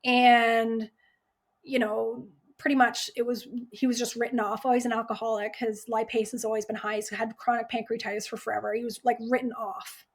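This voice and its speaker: A woman's voice: on the high side, flat delivery, a little fast. A woman in her thirties, an ER nurse guest, telling her story candidly with emotion and many "like" fillers.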